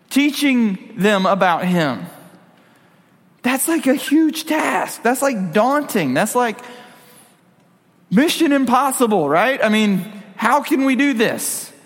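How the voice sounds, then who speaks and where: A man's voice: extremely high pitch, in a large hall. A man preaching a casual sermon, talking conversationally with jokey asides and questions to the audience.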